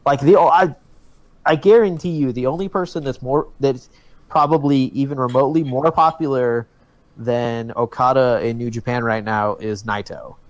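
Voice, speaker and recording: An excitable man co-hosting a casual podcast, piling on emphasis and swearing as he talks. His voice sits at an ordinary middle pitch. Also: normal speed. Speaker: podcast co-host. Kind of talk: casual chat.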